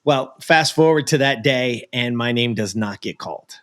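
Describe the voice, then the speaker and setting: A man from the United States, a coach, telling an animated personal story as a guest in an interview. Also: mid-range voice, moderate pace. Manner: animated, acts out the voices of people in his story. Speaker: guest, productivity and life coach.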